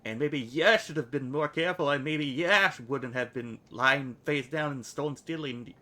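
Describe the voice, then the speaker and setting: A man's voice: medium pitch, moderate pace, pushed and bright, pitched above the performer's own voice, lightly acted. A man voicing a scornful young rogue woman in a video game, with a clipped, put-on dialect and a sneering manner.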